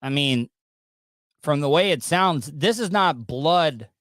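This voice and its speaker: A man's voice: fairly high pitch, expressive, slow, fairly bright tone, dry recording. Male podcast host, wisecracking and mocking, dry room. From Southern US. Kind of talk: casual commentary on news clips.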